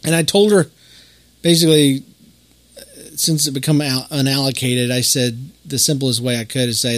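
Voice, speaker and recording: In a casual storytelling monologue with no echo, a middle-aged podcast host rambles along in a folksy manner, using plenty of fillers. His medium-pitched voice stays fairly even and moves at a moderate pace.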